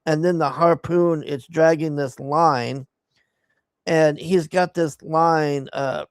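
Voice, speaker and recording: A man's voice: fairly high pitch, steady tone, slow, clear, resonant tone, no room sound, studio quality. A man giving a profane, exasperated recap of a movie he hated, scornful of its plot. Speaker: movie reviewer. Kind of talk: casual ranting movie recap.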